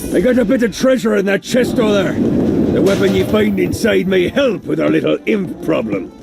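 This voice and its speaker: An actor playing a boastful old pirate captain in a video game, talking in a swaggering pirate way with a gravelly voice. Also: male voice, sits high, lively intonation, normal speed. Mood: scheming. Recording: game audio over loud music.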